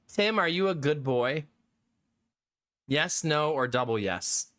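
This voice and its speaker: This thirties-aged live streamer keeps things giggly and joking as he chats with viewers. He speaks slowly, in a slightly high, somewhat bright voice with lively intonation.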